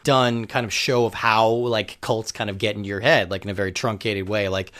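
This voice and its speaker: A man's voice: lowish voice, fairly even intonation, brisk, a bit bright. A man guesting on a podcast, talking enthusiastically with many filler words. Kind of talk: casual podcast chat.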